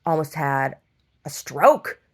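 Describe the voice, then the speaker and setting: A middle-aged woman who runs a store tells a long, meandering story in a casual monologue, growing exasperated and restarting often. Her voice is low and slightly rough, slow in pace, with lively intonation.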